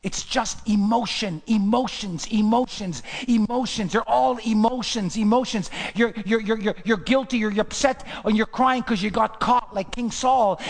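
A man preaching a sermon in a repetitive, rhythmic cadence, swinging from shouts to near whispers. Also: high-pitched, normal speed, gravelly, few pauses, long reverb tail. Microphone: livestream to online viewers.

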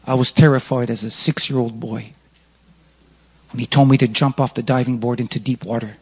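A man preaching a sermon, dramatic, moving between loud exhortation and hushed storytelling. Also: medium pitch, steady tone, brisk, breathy edge. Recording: muffled hall with long reverb, faint music.

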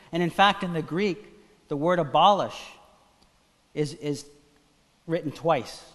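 A man preaching from the pulpit, his fairly high voice carrying a long tail of reverb through a church hall. He preaches with animated drive, rising for emphasis and dropping low for asides. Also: unhurried, long pauses. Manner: animated preaching, acts out voices of biblical figures. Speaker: pastor. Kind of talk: sermon.

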